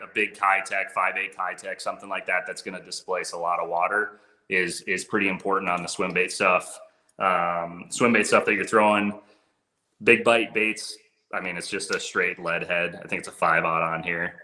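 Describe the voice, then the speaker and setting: A man's voice: deep voice, steady tone, normal speed, pushed and bright, echoey room. A man who works as a fishing guide, talking gear in a laid-back way, saying "dude" and "bro". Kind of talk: casual gear talk.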